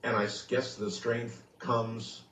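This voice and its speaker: A man hosting a radio talk show, putting probing questions to his guest with halting restarts. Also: medium pitch, level tone, fairly bright tone. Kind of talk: interviewing a guest on a late-night radio show. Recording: dull, echoey, distant broadcast audio.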